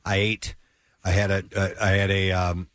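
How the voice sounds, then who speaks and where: A man's voice: low voice, flat delivery, normal speed, a bit bright, no room sound, clean studio sound. A man hosting a morning radio show, chatting casually with lots of filler sounds. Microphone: studio mic.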